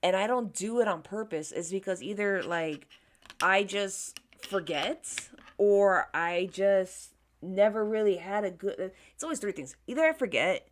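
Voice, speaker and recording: A woman's voice: mid-range voice, animated, measured pace. A woman in her thirties telling a casual storytime while doing her makeup, chatty and candid, swearing freely and acting out the people in her story. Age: 30s. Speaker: beauty vlogger.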